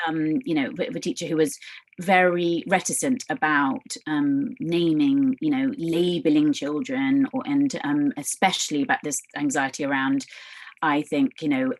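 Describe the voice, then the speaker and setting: A woman in her thirties talks as a guest in an interview, with a slightly low voice. Her speech is animated, halting and full of restarts and fillers. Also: poor audio. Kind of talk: conversational interview.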